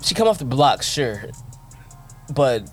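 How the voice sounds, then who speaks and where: A man co-hosting a sports podcast, animated and joking, swearing freely. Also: mid-range voice, slow, faint music behind. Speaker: podcast co-host. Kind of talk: casual sports chat.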